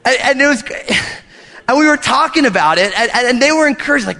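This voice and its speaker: High-voiced man preaching with jokes. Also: quick pace, creaky, big-room sound. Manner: animated, joking storyteller. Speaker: pastor. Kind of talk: sermon. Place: church hall.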